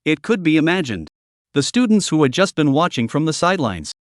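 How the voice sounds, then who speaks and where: A man narrating a story recap in a steady reading voice with stiff, literal phrasing. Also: a little high, brisk, no echo, clean studio sound.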